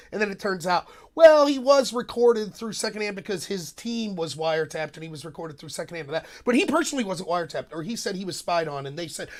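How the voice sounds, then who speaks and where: A man hosting a solo political commentary video, talking in an animated, sarcastic way and mocking the voices of the people he quotes. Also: sits high, fast talker, few pauses.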